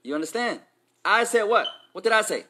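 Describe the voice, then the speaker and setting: A man teaching a class, his voice bright and forceful and a little higher than most men's. He jumps between Arabic and English, quizzes the room and slips in playful street slang. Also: animated, brisk, slight background noise. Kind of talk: Islamic class lesson.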